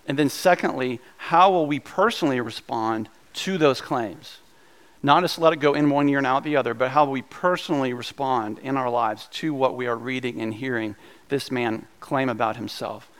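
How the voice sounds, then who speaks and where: A man preaching a sermon as pastor, mixing playful jokes with earnest teaching, with frequent asides and quick restarts. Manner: humorous, animated preaching with jokes about bread; quick asides and restarts, voice jumping higher when excited.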